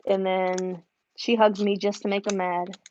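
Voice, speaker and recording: A woman's voice: mid-range voice, flat delivery, unhurried, a little mellow, dull audio, a little hiss or hum. A middle-aged woman in a home craft studio, chatting casually with viewers on a live stream while she works on embroidery orders. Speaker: embroidery business owner hosting a live stream.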